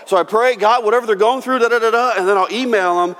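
A man preaching a sermon as pastor, telling stories with lively acted-out quotes. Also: sits high, quick pace, few pauses. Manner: animated storytelling, acting out quoted voices. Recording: long hall reverb.

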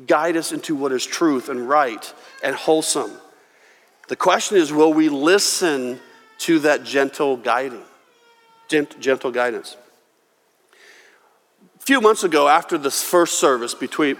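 A man preaching a sermon as pastor, telling stories with lively acted-out quotes. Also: on the high side. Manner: animated storytelling, acting out quoted voices. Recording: long hall reverb.

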